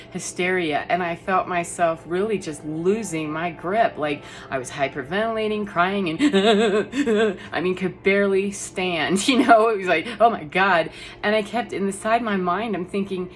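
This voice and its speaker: A woman's voice: fairly low pitch, fairly bright tone. A middle-aged woman telling a personal story in a rambling, casual monologue, laughing often between fillers. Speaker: energy healer vlogger.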